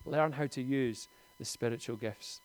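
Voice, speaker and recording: A man's voice: mid-range voice, unhurried. A man, preaching a conversational sermon in a lightly humorous tone.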